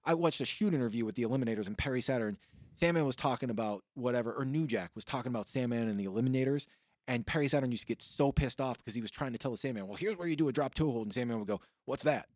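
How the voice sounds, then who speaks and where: A man hosting a podcast in casual chat, telling rambling, profane stories with bursts of excitement. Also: mid-range voice, racing, dry recording, clean studio sound. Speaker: podcast host.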